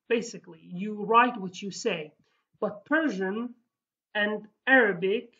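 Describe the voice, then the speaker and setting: A woman's voice: medium pitch, dull audio. Hesitant woman teaching a language lesson. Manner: hesitant, many fillers and restarts. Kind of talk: casual spoken lesson.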